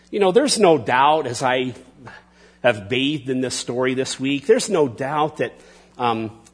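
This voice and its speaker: A man preaching a sermon as pastor, halting and restarting often, with folksy asides to the congregation. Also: mid-range voice, husky, in a large hall.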